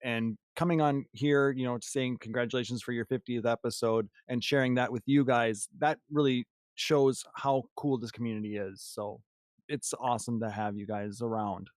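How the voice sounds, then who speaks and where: A man's voice: medium pitch, fairly even intonation, normal speed, no room sound, studio quality. A man visiting as a guest on a gaming podcast, speaking in a friendly, earnest way. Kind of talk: casual chat.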